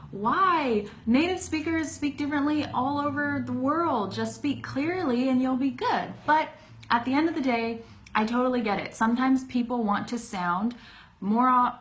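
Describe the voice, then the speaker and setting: A woman from California with a Californian accent, teaching an English lesson over a live stream from her phone. She talks informally with many fillers and self-corrections, and her voice rises and falls as she stresses certain words. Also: high voice. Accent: Californian American English.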